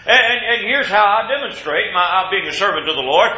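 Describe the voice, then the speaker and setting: Male preacher, earnest conversational sermon, bright tone, muffled lo-fi audio. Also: sits high, expressive, a little fast, few pauses. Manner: earnest, conversational, repeats words on restarts.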